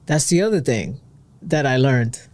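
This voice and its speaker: A man co-hosting a podcast in casual heart-to-heart chat, a supportive listener who keeps affirming with quick agreements. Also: mid-range voice, expressive, darkish tone, no echo. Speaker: podcast co-host.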